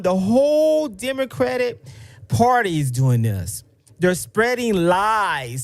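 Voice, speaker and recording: A man's voice: high-pitched, no echo. A man hosting a commentary show, reacting to a clip in an indignant, repetitive, rambling way. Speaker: host, political commentator.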